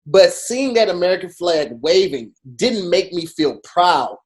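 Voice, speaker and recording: A man co-hosting a podcast in casual chat, emphatic and animated, with many restarts as he talks. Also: high voice, a little slow. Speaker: podcast co-host.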